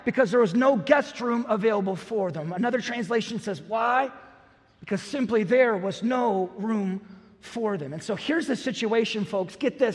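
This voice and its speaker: A man in his thirties preaching a sermon with storytelling, animated, acting out the people in his story and swinging between loud and hushed. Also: high voice. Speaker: pastor. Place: church auditorium. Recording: long reverb of a large hall.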